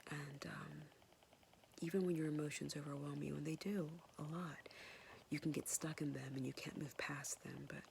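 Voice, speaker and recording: A woman whispering a soft, hesitant, tender and apologetic personal message to her son, pausing often. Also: low-pitched, steady tone, vocal fry, a little hiss or hum. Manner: soft and hesitant, many pauses and fillers. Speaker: mother speaking to her son.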